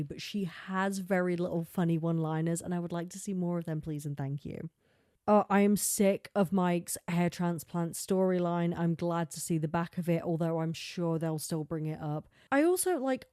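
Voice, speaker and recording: A lower-pitched woman talks through her solo podcast in a loose, rambling way, stacking filler words and breaking into laughs. Her voice is close and dry, with almost no room sound. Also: warm tone, no room sound. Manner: chatty, rambling, peppered with "like" and laughs. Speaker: podcast host. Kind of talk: casual solo podcast chat.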